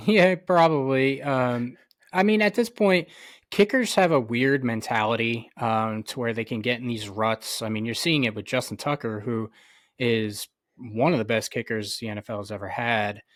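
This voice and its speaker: A man co-hosting a sports podcast in casual chat, measured and full of "um" and "you know". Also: medium pitch, no room sound, clean studio sound. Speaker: podcast co-host.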